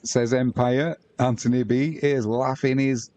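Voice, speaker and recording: A man's voice: fairly low pitch, expressive, moderate pace, mellow, dry recording. A man from the UK hosting a live match watch-along, chatting casually and reading viewer comments aloud with banter. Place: at home.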